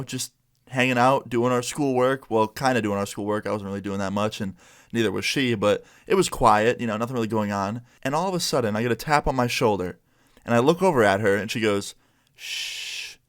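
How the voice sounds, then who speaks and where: A man's voice: mid-range voice, a little fast, smooth. A young man telling a school story in a casual, profane way with lots of filler words.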